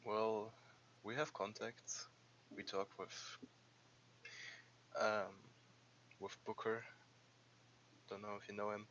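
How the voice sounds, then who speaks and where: A man's voice: lowish voice, level tone, slow pace, long pauses, a bit bright, a little hiss or hum. A man playing a tabletop role-playing game, talking hesitantly with stumbling restarts. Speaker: player. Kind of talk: tabletop role-play, in and out of character. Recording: dull audio with faint music.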